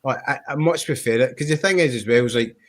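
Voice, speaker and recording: A man chatting casually as a guest on a tech livestream, relaxed and conversational with hedging fillers. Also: mid-range voice, fast. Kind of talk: casual chat.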